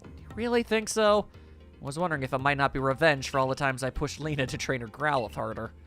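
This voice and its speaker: A man's voice: mid-range voice, fast, a bit bright, soft background music, natural voice. A man voicing an earnest young woman clan leader, in a plaintive, earnest way.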